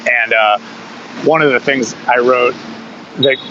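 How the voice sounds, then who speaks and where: A man's voice: mid-range voice, a little slow. Male punk singer guest, mid-range voice, loose rambling anecdotes, salty language, muffled lo-fi podcast sound. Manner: loose, rambling storytelling with frequent swearing and chuckles. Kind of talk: casual conversational interview. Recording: dull lo-fi podcast audio with faint hum.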